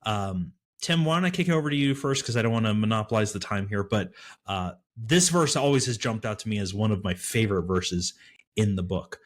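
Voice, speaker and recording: A man co-hosting a casual Bible study podcast, talking in a thoughtful, animated way with frequent fillers. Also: on the low side, brisk. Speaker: podcast co-host.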